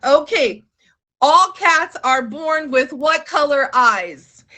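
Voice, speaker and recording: A woman's voice: high-pitched, animated, slow pace, pushed and bright. A woman hosting a live show in a bubbly, chatty, playful way. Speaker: host. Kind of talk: casual live-stream hosting.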